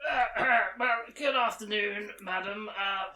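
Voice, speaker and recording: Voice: medium pitch, echoey room, over a noisy crowd, poor audio. A tabletop game player talking politely and hesitantly in character. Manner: polite, hesitant, quick to laugh.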